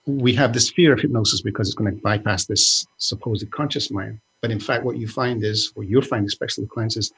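Gravelly, husky man rambling in podcast chat. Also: on the low side, a little fast, hardly any pauses, a bit bright. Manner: rambling, self-interrupting, joking. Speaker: podcast co-host.

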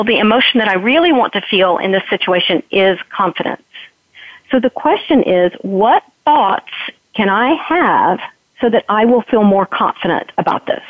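A woman's voice: a little high, no room sound. A woman explaining how to handle stress in a podcast conversation, earnest and teacherly, acting out her own worried thoughts as examples. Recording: tinny phone line.

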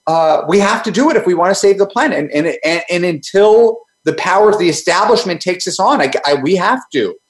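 A man's voice: high-pitched, lively intonation. A man speaking as a panel guest, often stumbling and restarting his sentences. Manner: halting, repetitive restarts. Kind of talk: panel discussion.

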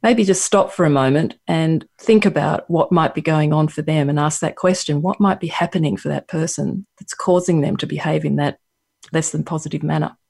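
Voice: mid-range voice, normal speed, vocal fry, a little mellow, husky. Reflective Australian guest author. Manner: reflective, many fillers and restarts. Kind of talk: radio interview answer.

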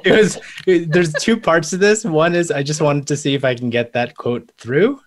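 A man's voice: on the high side, moderate pace, few pauses. A man speaking as a panel guest in casual, conversational talk, thinking aloud as he goes. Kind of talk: casual chat.

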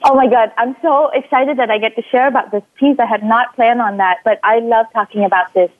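A woman from Vietnam, a life coach, telling her story in a casual interview and acting out quoted lines in a much higher voice. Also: fairly even intonation, fairly quick, no room sound. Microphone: phone call. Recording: tinny phone line.

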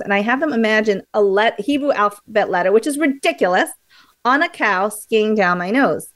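Speaking in a mid-range voice, a female radio guest lays out memory techniques with lively energy. Her talk is full of fillers and frequent restarts.

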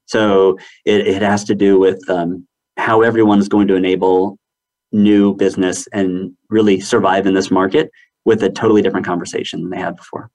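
A man's voice: deep voice, little pitch movement, brisk, a little mellow, rough recording. A man speaking as a panelist, talking through his point in a loose conversational way with restarts. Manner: rambling, many restarts. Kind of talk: conversational business discussion.

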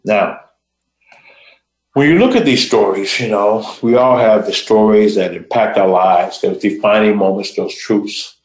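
Lower-voiced man telling a story, roomy echo. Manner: dramatic, deliberate pauses in short phrases. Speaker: host. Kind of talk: motivational storytelling.

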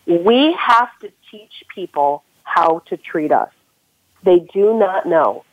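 A woman's voice: on the low side, lively intonation, slow, no echo. A woman guest on a podcast interview, giving earnest career advice step by step. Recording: tinny phone-line audio, dry.

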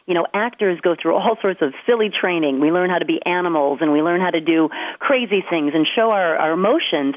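A woman's voice: fairly low pitch, no echo. Give me a chatty American woman coach telling a story, on a dry phone-like line. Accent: General American. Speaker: performance coach. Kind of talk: casual radio chat.

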